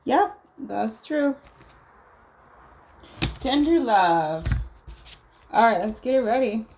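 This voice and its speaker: A woman's voice: on the high side, normal speed, vocal fry, a little mellow, slight background noise. A woman hosting a casual livestream, reading viewer messages aloud and musing on them. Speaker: livestream host. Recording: roomy echo.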